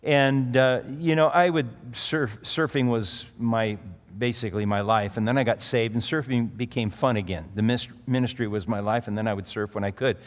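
A man's voice: medium pitch, normal speed. A middle-aged male pastor giving a sermon in a conversational way, with asides and restarts as he tells a story. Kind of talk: sermon with personal anecdote. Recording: long reverb of a large hall.

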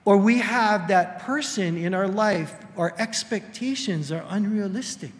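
An older male pastor preaching an animated sermon, jumping into high strained voices to act out quoted people. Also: measured pace, in a large hall.

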